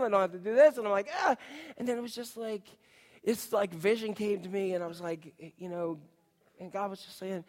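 Middle-aged male pastor with a high voice, telling a lively, comic story in a sermon. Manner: animated storyteller, mimics voices for laughs.

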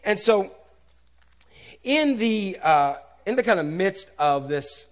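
A middle-aged man preaching a sermon as pastor in a casual, animated way, swinging from loud exclamations to soft asides. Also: high voice, slow.

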